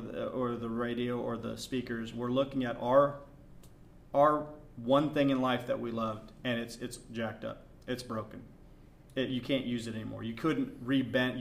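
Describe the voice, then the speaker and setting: A middle-aged man co-hosting a podcast, telling a story in a casual, animated way that swings between hushed asides and loud outbursts. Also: mid-range voice, gravelly. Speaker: podcast co-host.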